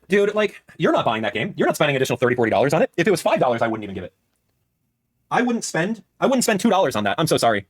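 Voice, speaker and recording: A man in his thirties doing live-stream commentary, animated and repeating his phrases for emphasis. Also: a little high, racing. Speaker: streamer reacting with chat.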